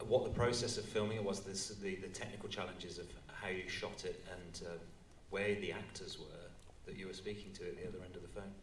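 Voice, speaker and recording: Deep-voiced man asking from the audience. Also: steady tone, fairly quick, few pauses. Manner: hesitant, trailing off. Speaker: audience member. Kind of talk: asking a question at a live Q&A. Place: cinema auditorium. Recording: roomy hall with clicks and background noise.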